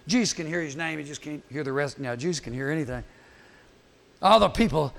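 A man, a youth camp speaker, giving a humorous sermon. He is animated, acts out quick voices and adds teasing asides. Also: fairly high pitch, creaky, a little hiss or hum.

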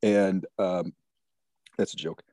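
A man's voice: deep voice, fairly even intonation, slow pace, warm tone, no room sound. A man talking in a crude, rambling, profane way in casual chat.

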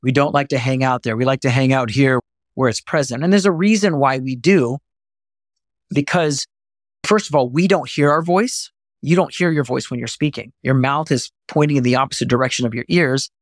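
A man's voice: mid-range voice, moderate pace, dry recording, studio quality. A man teaching as a voice coach, explaining things earnestly and step by step. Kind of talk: instructional talk to camera.

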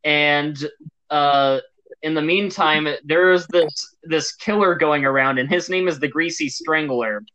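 A man's voice: on the high side, slow, bright, forceful tone, no room sound, low-quality recording. A man co-hosting a casual movie podcast, rambling through a story with many fillers and restarts. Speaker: podcast co-host. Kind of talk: casual chat about movies.

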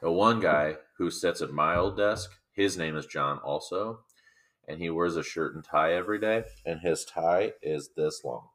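A man's voice: low-pitched, normal speed, fairly bright tone. A man in his thirties co-hosting a casual chat, telling profane work stories and acting out his coworkers. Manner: profane storytelling, acts out quoted coworkers. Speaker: podcast co-host.

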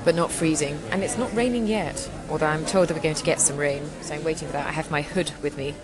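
A woman's voice: low-pitched, fast talker, over music. A woman from England, chatting casually on her podcast in a rambling way with frequent restarts. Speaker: podcast host. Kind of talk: casual chat. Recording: noisy background.

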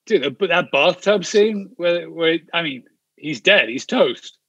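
A man's voice: a little high, lively intonation, takes it slowly, bright, forceful tone, no room sound, lo-fi sound. A man co-hosting a podcast over a video call, chatting casually and eagerly telling childhood stories. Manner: enthusiastic, tells stories from childhood. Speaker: podcast co-host. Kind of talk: casual chat.

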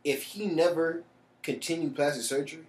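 A co-host in a relaxed, animated chat, telling stories and laughing often. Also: medium pitch, moderate pace. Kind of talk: casual chat. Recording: roomy echo.

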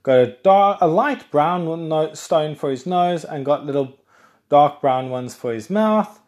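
A chatty man from South Africa hosts his own podcast alone, wandering from topic to topic and correcting himself often. His voice sits a little higher than most men's, and he breaks into excited bursts now and then. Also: measured pace. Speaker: podcast host. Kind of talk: casual solo podcast chat.

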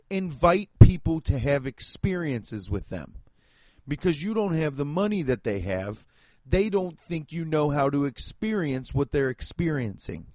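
A man from the American Midwest rambles through a casual monologue, sarcastic and quick to swear. His voice sits a little high for a man. The sound is dry and close, with no room around it. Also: dark tone, dry recording. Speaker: podcast host and stand-up comedian.

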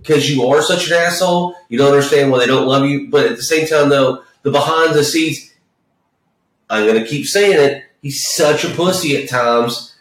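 A man's voice: a little high, moderate pace. A man chatting casually about movies, rambling and swearing with many false starts. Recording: echoey room, far from the mic.

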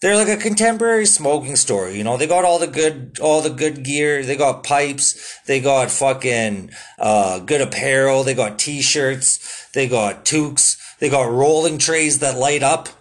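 A man talks through his podcast in a loose, rambling way. He swears in nearly every sentence and leans on fillers like "you know" and "um". His voice sits at an ordinary middle pitch. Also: a little slow. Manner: laid-back, swears constantly, lots of fillers. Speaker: podcast host. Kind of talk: casual solo podcast talk.

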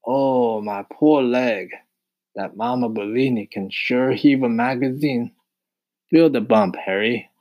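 A man's voice: medium pitch, slow, dull audio, voice pushed up. A fussy, stingy mouse whines in a lifted, theatrical voice, as a male reader puts him on. He speaks in a flowery, self-pitying manner, milking every line. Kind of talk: audiobook character voice.

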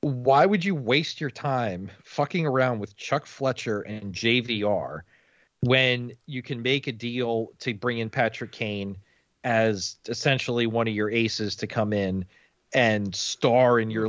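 A man's voice: medium pitch, unhurried, dry recording. A blunt, profane man talking sports on a casual podcast, exasperated. His audio is dull and lo-fi, with a dry, close sound. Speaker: podcast co-host. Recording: dull lo-fi recording.

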